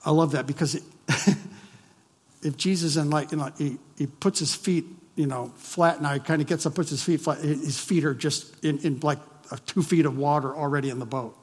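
A man delivering a sermon in a slightly high voice, talking to the room as if chatting before leaning hard into his key points. His words trail into the long reverb of a large hall. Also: steady tone, normal speed, breathy edge. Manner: conversational, swinging between hushed and emphatic. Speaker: pastor.

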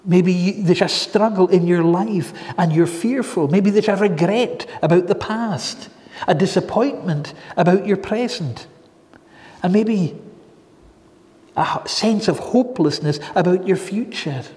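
A man preaching a sermon in an earnest, measured way, with emphatic pauses. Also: high-pitched, darkish tone. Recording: long reverb in a large hall.

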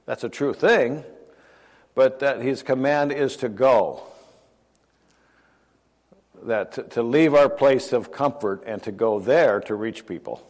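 Speaking slowly with frequent pauses, an older man with a medium-pitched voice preaches a sermon as if in conversation. He questions his listeners and chuckles often, and the recording has a long hall reverb.

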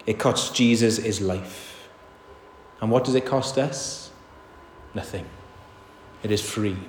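A man's voice: fairly low pitch, slow pace, a little hiss or hum. A man preaching a sermon in a church, earnest and emphatic, often asking his listeners rhetorical questions. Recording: echoey hall reverb.

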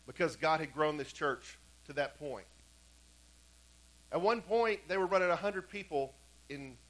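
A man preaches from the pulpit of a church, his voice high and notably bright. He tells long stories, dropping to near-whispers for quiet moments and rising again to drive home repeated points. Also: rough recording. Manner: storytelling preacher, swings from hushed to emphatic. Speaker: pastor. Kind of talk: sermon. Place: church sanctuary.

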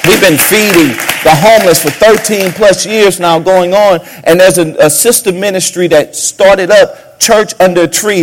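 A man preaching a sermon as a pastor, swinging between sudden shouts and hushed asides. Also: fairly high pitch.

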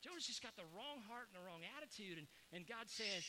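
A man preaching a sermon, animated, acting out quoted voices with sudden rises. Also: fast, hardly any pauses, noisy background. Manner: animated, acts out quoted voices with rising pitch. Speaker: pastor.

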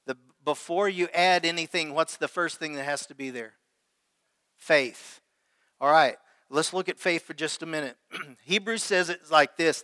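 A man's voice: on the high side, sharp tone, no echo, in a large hall. A man preaching a sermon as pastor, reading scripture aloud and calling out questions to his congregation. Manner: preaches with prayer and call-and-response to the congregation.

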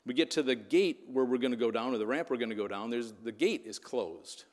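A pastor preaches a sermon conversationally, telling a story and often checking in with "right?" asides. His voice is medium-pitched and brisk, trailed by a long reverb tail.

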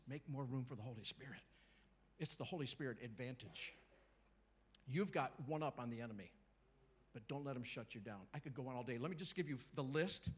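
A middle-aged man preaching a sermon to a church congregation, lively and joking, acting out little voices and calling out to the crowd. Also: medium pitch, a little hiss or hum. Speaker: guest preacher.

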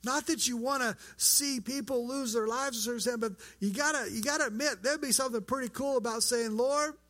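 A man's voice: very high-pitched, a little fast, sharp tone. A man preaching a sermon as pastor, earnest and conversational, acting out quoted lines.

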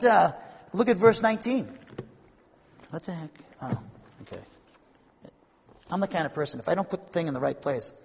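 Male preacher, high husky voice, rambling Bible teaching that builds to fervor. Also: long reverb tail. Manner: rambling, repeats and restarts, builds to emphatic fervor. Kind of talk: conversational Bible-teaching sermon.

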